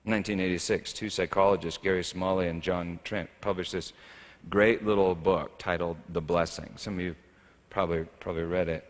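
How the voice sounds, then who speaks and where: A man's voice: sits low, fairly even intonation, fairly quick. A man preaching a sermon as a pastor, talking in a wry, conversational and humorous way. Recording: echoey hall reverb.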